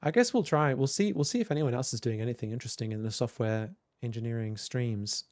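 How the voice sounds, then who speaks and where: Mellow-voiced man wrapping up a livestream. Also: medium pitch, fast talker, dry recording, clean studio sound. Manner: rambling, hesitant, many fillers. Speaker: livestream host. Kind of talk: casual livestream chat. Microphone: desk microphone with headphones.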